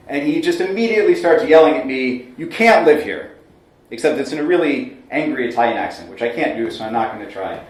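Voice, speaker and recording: A man in his thirties telling a comic personal story on a small stage, lively with wry asides. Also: mid-range voice. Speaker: solo storyteller. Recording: very echoey room, mic far off.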